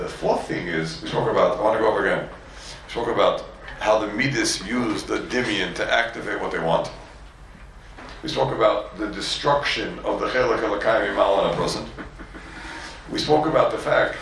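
A rabbi from Borough Park, New York gives a yeshiva Torah class, acting out quotes, repeating words, and weaving in Hebrew and Yiddish. His voice is fairly low in pitch yet fairly bright in tone. The low-quality recording, made far from the mic, has heavy reverb and slight background noise.

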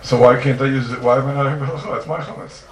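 A man teaching a yeshiva-style Talmud class to students, animated and firing rhetorical questions at them. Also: mid-range voice, fast talker. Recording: roomy, distant mic, noisy ambience.

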